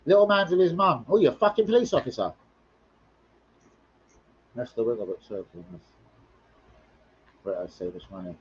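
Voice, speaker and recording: A man's voice: mid-range voice, moderate pace, pauses often, breathy edge, muffled recording. A man hosting a casual football live stream, rambling, swearing freely and bantering with viewers as he reads comments.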